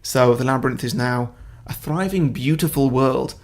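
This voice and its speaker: A man in a casual podcast chat, telling his pitches in a laid-back way with frequent laughs. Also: moderate pace. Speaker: podcast co-host.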